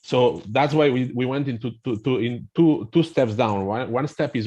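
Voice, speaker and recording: A man's voice: mid-range voice, normal speed, hardly any pauses, warm tone, lo-fi sound. A man speaking as a guest in a webinar over a video call, explaining things and repeating words as he starts each thought. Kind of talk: webinar discussion.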